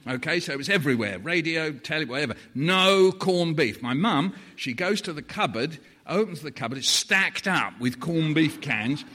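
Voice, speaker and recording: A man's voice: on the high side, animated, moderate pace, hardly any pauses, bright, forceful tone. A man in his seventies giving a playful live storytelling talk, slipping into voices for the people he quotes. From Britain. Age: 70s. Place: stage in a large hall. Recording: long hall reverb.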